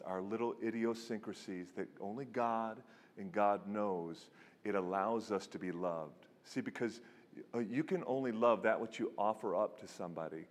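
A male pastor preaching a sermon, telling stories with animation and dropping to a hushed voice for serious points. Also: on the low side. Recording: long hall reverb.

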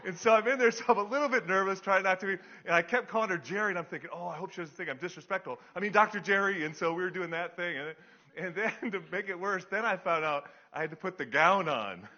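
Casting: middle-aged male pastor, bright, fairly high voice, rambling anecdotal sermon, dull lo-fi recording. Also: fast talker. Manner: chatty, self-deprecating, many fillers. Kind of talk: storytelling sermon. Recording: dull lo-fi sound.

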